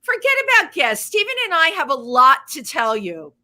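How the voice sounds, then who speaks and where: A high-voiced woman co-hosts a live chat, her tone bright and sharp. She talks fast and excitedly, exclaiming and cutting in with playful questions. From the Bronx, New York. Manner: animated, quick, exclaiming, interrupts playfully. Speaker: co-host. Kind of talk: casual chat.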